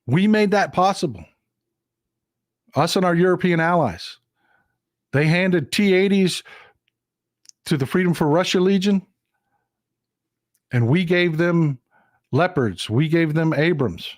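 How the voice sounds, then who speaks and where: A man's voice: a little high, expressive, unhurried, long pauses, dry recording, clean studio sound. A man hosting a live-streamed political commentary show, talking through a map and repeating lines for emphasis. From Texas. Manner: emphatic, repeats phrases for stress.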